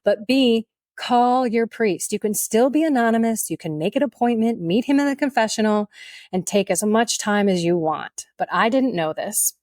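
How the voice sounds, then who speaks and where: A woman guest on a podcast, telling her story in an animated, humorous and emotional way. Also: a little high, normal speed, no echo, clean studio sound. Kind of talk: storytelling testimony.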